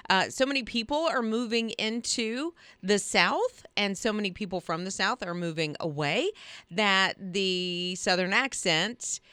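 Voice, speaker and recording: A woman co-hosting a morning radio show, chatting in an animated, storytelling way. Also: medium pitch, measured pace, smooth, no echo. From Ohio, moved South as an infant. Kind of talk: casual radio chat.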